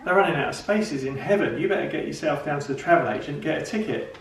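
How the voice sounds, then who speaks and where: Guy doing a sorry-sounding doctor, soft, roomy echo. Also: fairly high pitch, animated, quick pace. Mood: apologetic. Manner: gently apologetic. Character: apologetic male doctor giving bad news. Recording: roomy, from far off camera.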